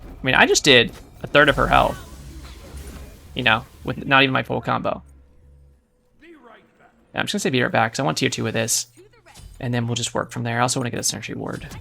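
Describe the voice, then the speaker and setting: A man's voice: medium pitch, creaky, sharp tone. A man giving casual, profane, sarcastic commentary while he plays a video game. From United States. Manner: brash, profane, sarcastic banter. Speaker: gameplay commentator.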